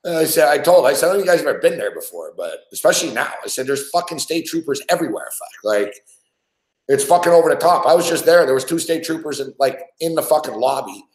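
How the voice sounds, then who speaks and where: A man's voice: a little high, animated, fast. A man hosting a podcast, telling a rambling story in casual chat with lots of swearing. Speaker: podcast host. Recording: roomy echo.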